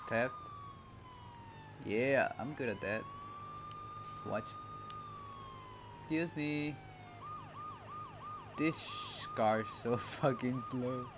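A man talks over his own video game play, slow and profane, swinging wildly in pitch between low mutters and sudden yelps. Game noise and sirens run loudly behind him. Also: wildly swooping pitch. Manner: profane, frustrated, laughing outbursts. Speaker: gamer. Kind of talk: casual gameplay commentary.

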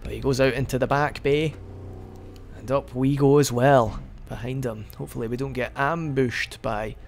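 A man's voice: medium pitch, steady tone, moderate pace, gravelly, soft background music. A man giving casual, rambling let's-play commentary as he plays, joking and often restarting his sentences. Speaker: gaming video host.

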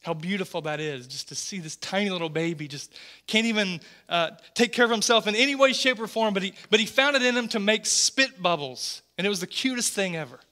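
A man in his forties, a pastor preaching a sermon, earnest and animated, often repeating words as he tells stories. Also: high-pitched, a little fast.

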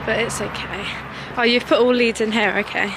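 A woman's voice: a little high, fairly even intonation, a little fast. A woman vlogging casually with her dogs, giggling often and cooing at them in a baby voice, filmed on a handheld phone. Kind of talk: casual vlog chat. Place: outdoors in a car and a field with dogs. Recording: noisy outdoor phone recording.

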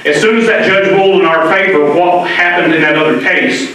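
A man's voice: high voice, fairly even intonation, fairly quick, bright, forceful tone. A middle-aged man giving an emotional, impassioned speech at a public debate in a library meeting room, often repeating words as he presses his point. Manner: emotional, earnest, repeats words when stirred. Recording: very echoey hall, mic far off.

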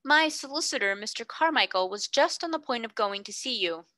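Casting: a woman doing a grave older gentleman holding his temper, slow and firm, bright tone, dry sound. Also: on the high side, animated, dry recording. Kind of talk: audiobook character reading.

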